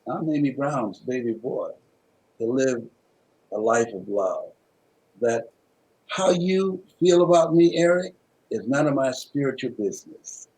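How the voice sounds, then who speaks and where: A man's voice: medium pitch, animated, unhurried, low-quality recording. A man from Miami, a motivational speaker, telling a personal story in a preacherly way with rhythmic repetition. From Miami, Florida. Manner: preacherly, with rhythmic repetition and dramatic swings in loudness.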